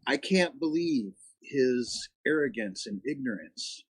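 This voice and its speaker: A man calling in to a live talk show, speaking earnestly and hesitantly with many pauses. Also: mid-range voice, expressive, husky, no echo, low-quality recording. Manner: hesitant, lots of ums, earnest. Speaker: caller. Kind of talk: call-in conversation.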